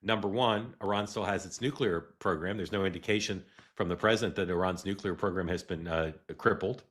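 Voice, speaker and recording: A middle-aged man hosting a live political news show, talking in a halting way with many "uh"s and restarts. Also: low-pitched, a bit bright. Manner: halting, filler-heavy delivery with frequent "uh" and restarts. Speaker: host.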